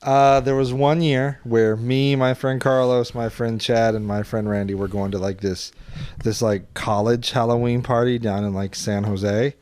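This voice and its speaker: A man's voice: mid-range voice, little pitch movement, unhurried, darkish tone. A man telling an anecdote on a casual podcast, loose and full of "like" fillers. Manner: loose storytelling with many "like" fillers.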